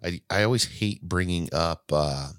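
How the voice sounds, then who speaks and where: Low-voiced rambling male podcast host. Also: normal speed, clean tone, no room sound, clean studio sound. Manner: rambling, self-correcting, chatty. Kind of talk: casual solo podcast talk.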